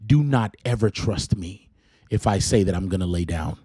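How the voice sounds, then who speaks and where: A man's voice: low-pitched, lively intonation, normal speed, dark tone, slightly rough, no echo. A man with a Southern US accent, hosting a casual faith podcast, joking and rambling as he corrects himself. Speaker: podcast host.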